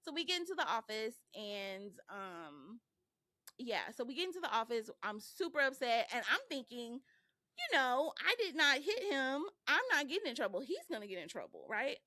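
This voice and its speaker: A woman with a fairly high, bright voice tells a story on a podcast. Her pitch swings widely as she acts out the people in it, and she often laughs along with her own tale. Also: big pitch swings, moderate pace, no room sound, clean studio sound. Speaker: podcast co-host. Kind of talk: casual storytelling.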